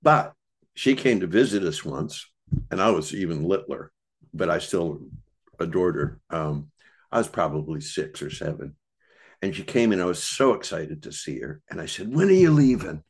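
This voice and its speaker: Low-voiced older man telling meandering stories. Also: expressive, husky. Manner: meandering, thoughtful, with many restarts and pauses. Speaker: podcast guest. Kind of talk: reflective storytelling conversation.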